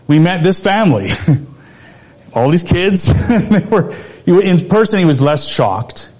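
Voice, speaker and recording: Middle-aged male preacher, slightly high voice, relaxed storytelling with frequent laughs. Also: unhurried. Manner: laughs often, conversational. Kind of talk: sermon with personal story.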